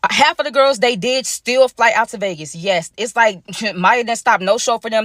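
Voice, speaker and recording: A woman's voice: mid-range voice, a little fast, few pauses, no echo. Slangy young woman from Dallas, dry close sound. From Dallas, Texas. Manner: animated and slangy, acting out friends' quotes. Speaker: storyteller. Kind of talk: casual story time.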